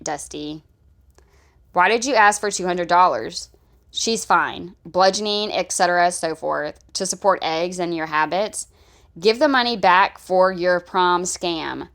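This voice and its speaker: A woman in her thirties talks through a casual reaction vlog in a somewhat low voice. She is blunt and mocking, firing off short, repeated jabs as she reads the chat aloud. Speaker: commentary vlogger reading live chat.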